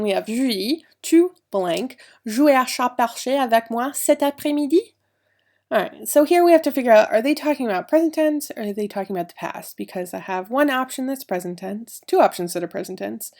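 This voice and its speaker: Gravelly-voiced woman teaching French grammar. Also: mid-range voice, darkish tone. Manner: explains step by step, spells out letters. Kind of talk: recorded grammar lesson.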